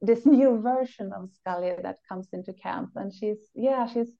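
A woman co-hosting a podcast, talking in a reflective, analytical way with halting pauses. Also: medium pitch, creaky, lo-fi sound. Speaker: podcast co-host. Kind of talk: casual chat.

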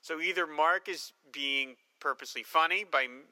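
A man co-hosting a podcast, reading listener mail and joking in animated casual chat. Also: on the high side, moderate pace, dry recording, low-quality recording. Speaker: podcast co-host.

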